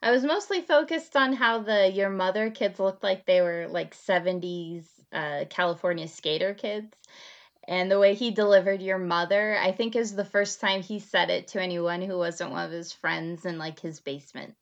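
A woman's voice: on the low side, normal speed. A woman co-host with a dry, teasing delivery who laughs easily. Her voice comes through somewhat dull and lo-fi, as if the recording has lost its top end. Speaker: podcast co-host. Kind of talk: casual comedic chat.

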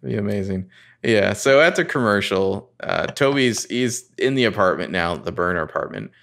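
A man co-hosting a podcast, retelling a TV episode in casual chat with a dry, low-key manner. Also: lively intonation, moderate pace, creaky, fairly bright tone. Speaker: podcast co-host recapping a TV episode.

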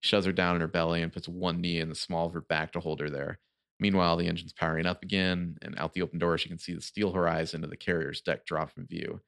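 A man's voice: deep voice, level tone, fast, gravelly, a bit bright, dry recording, studio quality. A man co-hosting a book podcast, reading passages aloud in casual chat and laughing often. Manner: reads quotes with loose playful voices, laughs often.

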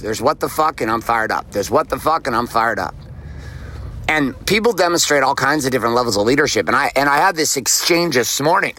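A man delivering a motivational monologue as a podcast host. His talk is blunt, profane and fired-up, at an average pitch. There is a faint hum of noise behind him, with what sounds like a vehicle. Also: sharp tone.

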